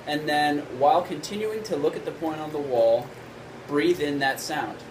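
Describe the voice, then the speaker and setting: A man teaching trumpet basics in a video lesson, explaining in a relaxed way and often checking in with "right?". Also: a little high, normal speed, noisy background.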